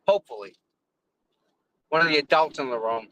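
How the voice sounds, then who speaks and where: A man's voice: on the high side, brisk, bright, forceful tone, poor audio. A man live-streaming casually from his car in traffic, rambling, repeating words and thanking viewers effusively. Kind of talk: casual live-stream chat while driving.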